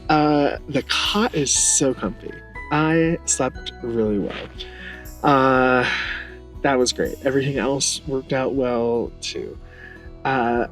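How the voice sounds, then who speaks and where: In a low-quality recording, a man with a mid-range voice chats his way through a casual vlog from the bed of his truck while camping outdoors. He's self-mocking, teasing himself and laughing at himself as he talks.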